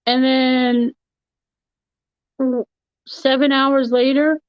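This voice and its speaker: Her voice is high and smooth, with little pitch movement and drawn-out words, as she chats casually with live stream viewers, laughing often while responding to the chat. The recording is dull, lo-fi and dry, without room sound.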